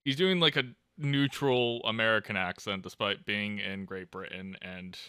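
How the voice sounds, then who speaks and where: A man's voice: fairly low pitch, steady tone, normal speed, bright, forceful tone, clear, resonant tone, no room sound, studio quality. A man hosting a podcast in casual chat, wry and joking as he steers the topics. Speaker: podcast host.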